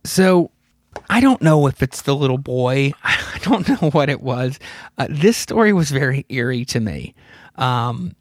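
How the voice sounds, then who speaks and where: A man in his thirties hosts a podcast and retells a comic story in loose, rambling talk. He swears now and then and chuckles at his own asides. His voice sits at an ordinary middle pitch and is recorded close and dry. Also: no room sound. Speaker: podcast host. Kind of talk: casual comic book recap.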